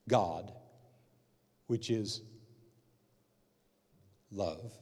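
A male pastor preaching a sermon, repeating his points with emphasis and building to loud, forceful stretches. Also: mid-range voice, expressive, moderate pace, breathy edge. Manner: preaching with emphatic repetition, rising loud at climaxes. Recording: long hall reverb.

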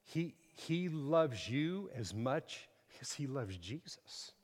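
A middle-aged man preaching a sermon, emphatic, swinging from quiet to loud and repeating words. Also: medium pitch, sing-song, slow, in a large hall.

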